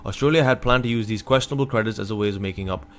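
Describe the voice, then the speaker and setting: This North American streamer sits at his computer with a desk mic, reading out a news piece and reacting with casual exasperation, sometimes loudly. He talks very fast in a voice on the low side.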